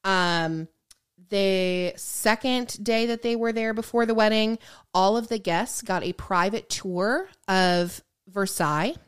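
A young woman tells a gossip story on a podcast in easy, rambling chat, with lots of "like" and "um". Her voice is smooth and clear, sitting at a middle pitch. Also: slow pace. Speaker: podcast co-host.

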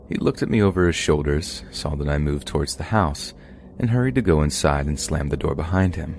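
A man hosting a podcast, reading submitted true scary stories aloud in a steady, measured way. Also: extremely low pitch, gravelly, slight background noise. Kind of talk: scripted horror story narration.

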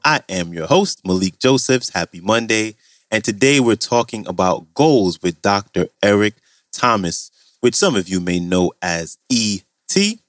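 A man hosting a podcast, reading a measured, earnest introduction that slows down for emphasis. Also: on the low side, expressive, no room sound, studio quality, faint music behind. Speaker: podcast host.

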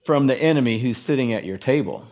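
A middle-aged man, a pastor and author, preaching in conversation with emphasis and slowing down on key points. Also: mid-range voice, expressive, darkish tone.

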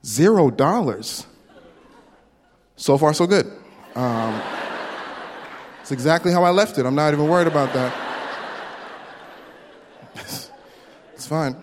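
A man doing a stand-up comedy set, telling a story with quick voice impressions into a handheld stage mic at a live venue. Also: a little high, animated. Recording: long hall reverb, faint room noise.

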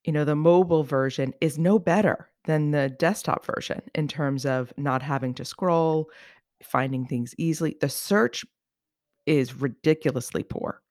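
A podcast co-host with a mid-range voice, talking casually in a wry, animated way and exaggerating for laughs. The sound is dry and close on a podcast mic. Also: mid-range voice, moderate pace, no echo. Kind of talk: casual chat.

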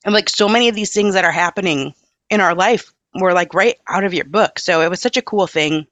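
A woman's voice: on the low side, a little fast, fairly bright tone, no room sound. A woman hosting a podcast interview, enthusiastic and affirming toward her guest. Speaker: podcast host.

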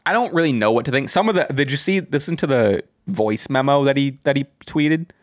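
A man's voice: medium pitch, lively intonation, a little fast, no room sound, studio quality. A young man co-hosting a casual podcast, telling rambling stories full of fillers and restarts. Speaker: podcast co-host. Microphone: podcast mic.

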